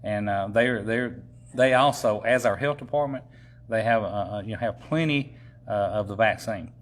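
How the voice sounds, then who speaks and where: A man's voice: fairly low pitch, moderate pace. A man, a county executive giving a casual public update, folksy and rambling with lots of fillers.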